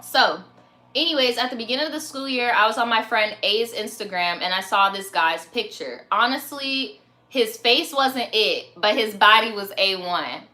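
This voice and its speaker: A woman's voice: fairly high pitch, lively intonation, normal speed, sharp tone. A young woman hosting a live stream, reading viewer stories in a chatty, slangy way, laughing and swearing often. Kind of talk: casual chat.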